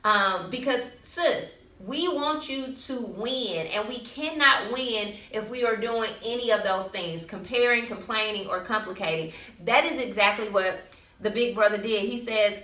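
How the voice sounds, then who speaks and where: A woman co-hosting a talk show, retelling a scripture story in a loose, slangy, lively way. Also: a little high, a little slow. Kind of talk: casual faith-segment storytelling. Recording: roomy, mic at a distance.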